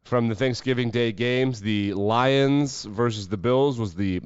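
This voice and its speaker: A man's voice: mid-range voice, a little slow, clean tone, dry recording, dull audio. A man hosting a sports podcast, talking casually with sarcastic, profane asides. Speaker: podcast host.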